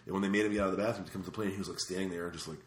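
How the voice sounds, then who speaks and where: A man telling a story in casual podcast chat, animated and acting out the other people's lines, swearing casually. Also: low voice, racing. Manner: animated, acts out quoted voices, swears casually. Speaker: podcast host. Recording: roomy echo.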